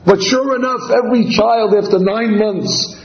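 A man teaching a Torah class in an animated storytelling sermon. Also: high voice, unhurried. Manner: animated storyteller acting out dialogue. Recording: slightly dull, roomy recording.

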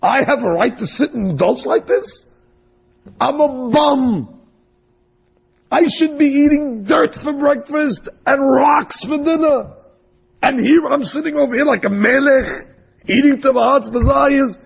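A man voicing a frantic, guilt-stricken penitent who shouts his self-reproach in a raspy voice. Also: sits high, sing-song, unhurried, in a large hall, muffled recording, pitched above the performer's own voice, exaggerated voice. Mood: frantic, anguished. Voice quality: raspy, gravelly. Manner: shouting, anguished.

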